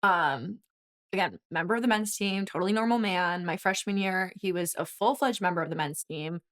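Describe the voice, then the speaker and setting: Animated young woman telling a story. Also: lowish voice. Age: 20s. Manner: animated storyteller, quick asides and laughs. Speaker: guest, former college swimmer. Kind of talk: casual conversation.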